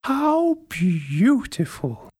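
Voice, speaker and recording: A man voicing a kindly, generous old woman in a storybook, with a high fluttery voice. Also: wildly swooping pitch, slow pace, darkish tone, breathy edge, full character voice. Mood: warm, eager.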